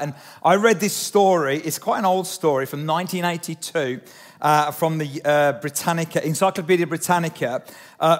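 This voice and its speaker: A man preaching a sermon in a church, chatty, often asking the congregation questions. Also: high voice. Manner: conversational, asks the congregation questions. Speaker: pastor. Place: church hall. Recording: long hall reverb.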